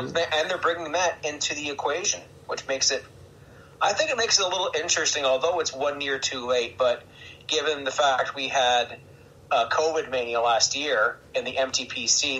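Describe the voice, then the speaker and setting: A man hosting a podcast, chatting casually and excitably about wrestling and laughing often. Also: medium pitch, low-quality recording. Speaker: podcast host. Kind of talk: casual chat.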